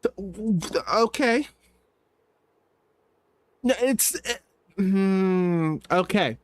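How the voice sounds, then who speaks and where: A man hosting a gaming live stream, chatting casually in an animated, incredulous way and laughing often. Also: sits high, extremely slow.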